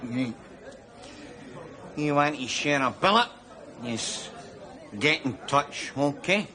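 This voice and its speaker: A Glaswegian actor playing a boastful, leering drinking pal in a sitcom, with audience laughter. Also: male voice, on the high side, animated, takes it slowly, bright, forceful tone, a faint crowd, exaggerated voice. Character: boastful middle-aged Glasgow drinker, cocky. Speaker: sitcom character. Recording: studio audience laughter behind.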